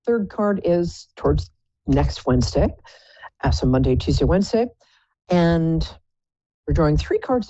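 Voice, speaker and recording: A woman with a lowish, warm, husky voice hosts a live psychic call-in radio show. She chats in a playful, rambling, self-mocking way, and the sound is lo-fi and dry, with no echo.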